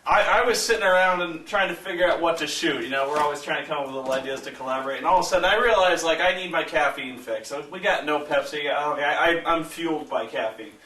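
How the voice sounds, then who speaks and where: This is a man with a high, bright voice, telling a story casually in a vlog. He swears freely and mimics his friend with laughs. The sound is echoey and taken from a distance, with faint noise behind. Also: fast talker, hardly any pauses. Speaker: vlog host. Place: hotel room.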